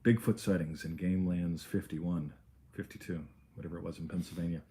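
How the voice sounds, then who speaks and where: Casting: deep-voiced American man, loose swearing podcast co-host, animated storyteller, faint room noise. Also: brisk. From United States. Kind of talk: casual chat.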